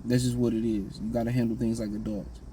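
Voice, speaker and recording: A man's voice: mid-range voice, flat delivery, fast, background noise. A man giving blunt, slangy dating and self-improvement advice in a casual, repetitive monologue.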